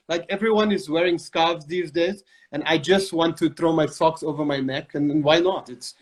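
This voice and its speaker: Young man, comedy talk host, jokey, flamboyant, a bit high-pitched. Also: steady tone, moderate pace, few pauses. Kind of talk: comedic casual chat.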